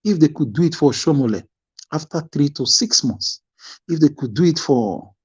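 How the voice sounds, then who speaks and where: A man's voice: a little high, expressive, moderate pace, husky, lo-fi sound. A Nigerian man speaking fervently in an online discussion, preaching and repeating phrases for emphasis. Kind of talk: impassioned discussion.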